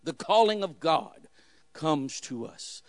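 A man preaching a sermon as pastor, fervent, swinging from soft, low passages to loud outbursts. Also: animated, takes it slowly, dry recording.

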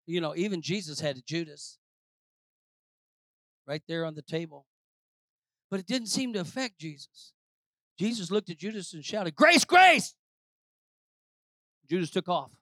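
A pastor preaching a sermon, swinging between shouted declarations and low, quiet asides. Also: male voice, normal speed, pauses often, no echo, clean studio sound.

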